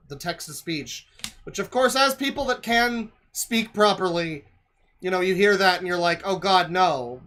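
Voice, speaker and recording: Snarky streamer guy swearing at a video, kinda high voice. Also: sharp tone. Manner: sardonic, profane, mocking asides. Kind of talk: reaction stream commentary.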